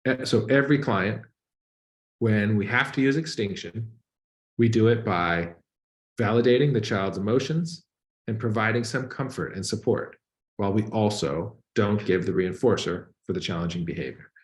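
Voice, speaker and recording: Brief: man, slightly low voice, guest expert presenting, earnest and conversational, roomy echo. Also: moderate pace. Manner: earnest, conversational, uses many "like" and "and so" links. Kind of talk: explanatory talk to an audience over slides. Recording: echoey room.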